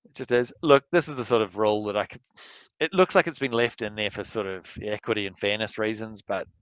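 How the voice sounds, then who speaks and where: A man's voice: lowish voice, fairly quick, fairly bright tone, clear, resonant tone, no room sound, lo-fi sound. A male university lecturer giving a recorded lesson, rambling and candid, sometimes working himself into a rant. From outside Australia. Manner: rambling, candid, gets worked up and ranting.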